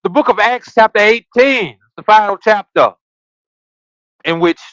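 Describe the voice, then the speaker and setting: Here a man speaks a little slowly in a high-pitched, fairly bright voice; the streaming-setup recording is dry and dull. Hosting a livestreamed scripture study, he reads the Bible aloud, then riffs on it in a casual, preachy manner while quizzing his listeners, adding slangy asides between readings.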